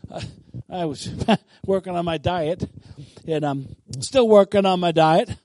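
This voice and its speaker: Delivering a sermon, a man alternates between bold, emphatic declarations and quiet, conversational asides to his listeners. His voice sits high and unhurried, and the recording is dry.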